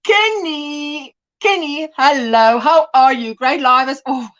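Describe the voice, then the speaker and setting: A woman's voice: high-pitched, takes it slowly, a bit bright, highs cut off. A woman hosting a casual crochet livestream, chatting, reading out viewer comments and laughing often.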